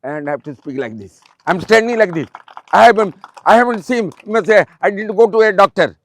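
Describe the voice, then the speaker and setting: Here a retired principal in his 80s, originally from Odisha, India, speaks with an Odia accent in a high, animated voice. His motivational talk to students feels fatherly and repetitive, broken up by frequent "um" pauses.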